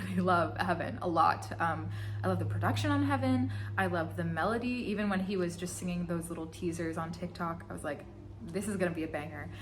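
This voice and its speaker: A woman's voice: mid-range voice, slight background noise. A young woman in her twenties, a singer and vlogger, answering fan questions in a giggly, chatty and playful way. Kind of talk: casual Q&A vlog.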